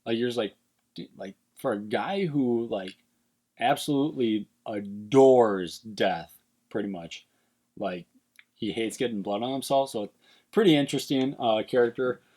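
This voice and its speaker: A man casually ranking movie villains, animated and emphatic, swearing often and using many fillers. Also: mid-range voice, measured pace. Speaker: movie list vlogger.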